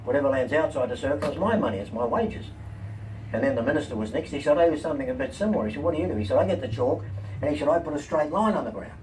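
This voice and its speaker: Older male comedian telling animated stories. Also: fairly high pitch, racing. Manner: lively, quotes people in animated voices. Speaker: comedian guest. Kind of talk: anecdotal storytelling. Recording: distant mic, faint room noise.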